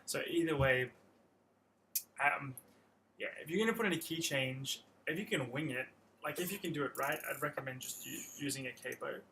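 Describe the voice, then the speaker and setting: A man's voice: mid-range voice, normal speed, poor audio. A man teaching a guitar lesson on a livestream, explaining chords step by step and counting out picking patterns. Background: his own acoustic guitar playing.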